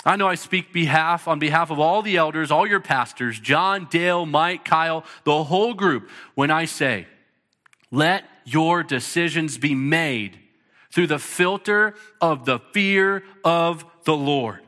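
A man's voice: on the high side, measured pace, bright, forceful tone. A man in his thirties preaching a sermon as pastor, earnest and emphatic, with short punchy repeated lines. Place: church sanctuary. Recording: long reverb of a large hall.

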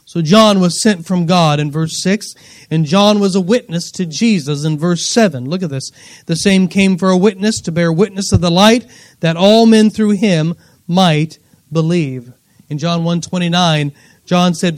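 A high-voiced man preaching a sermon. He reads scripture aloud and presses his points with repeated words, rising loud for emphasis and dropping to quiet asides. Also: unhurried.

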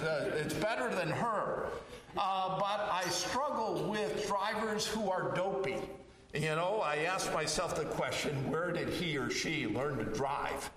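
A man preaches with slow, deliberate pacing, stopping often to gather his words. His voice sits slightly above the usual pitch for a man. It comes from far off in a large echoing hall with a long reverb tail. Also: fairly bright tone, slight background noise. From Chicago area. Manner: slow, measured preaching with frequent "uh" pauses. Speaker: pastor. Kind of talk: sermon.

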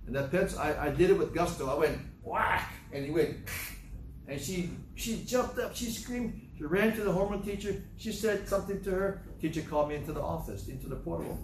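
A man with a somewhat high voice lectures on consequences, piling up repeated phrases and dry sarcasm. He sounds set back from the mic in a roomy space. A faint hiss runs underneath. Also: expressive, fairly quick, distant mic. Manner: repetitive, emphatic storytelling; sarcastic asides. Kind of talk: moralizing talk commentary.

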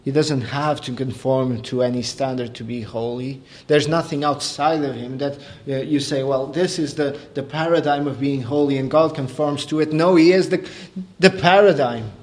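A man preaching a sermon, explaining calmly and then building to raised, emphatic delivery. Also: mid-range voice, moderate pace.

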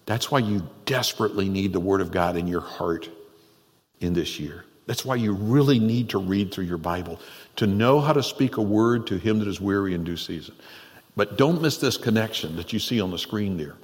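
A man pastor preaching a conversational, animated sermon in a church, with frequent laughs. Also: fairly low pitch, normal speed. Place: church sanctuary. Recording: long reverb in a church hall.

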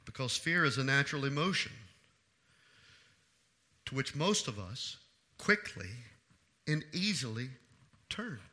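A married man preaching an evening sermon, pressing his points by repeating them and swinging from hushed to loud. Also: medium pitch, very animated, a little slow, pauses often. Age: adult. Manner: emphatic preaching with repeated phrases. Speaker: pastor.

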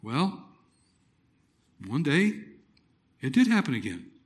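A middle-aged man preaching a personal testimony, telling it dramatically with loud exclamations and hushed, near-whispered moments. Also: on the high side, sing-song, takes it slowly. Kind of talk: sermon testimony.

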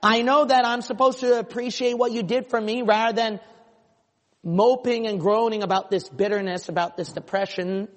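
Male pastor, impassioned sermon, high voice, long church reverb. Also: fairly even intonation, moderate pace. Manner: impassioned preaching, voicing imagined listeners.

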